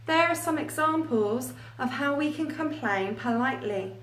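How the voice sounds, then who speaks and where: A woman teaching an English lesson, reading out example phrases slowly and carefully. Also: high voice, expressive, fairly bright tone. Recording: echoey room, voice a little far from the mic.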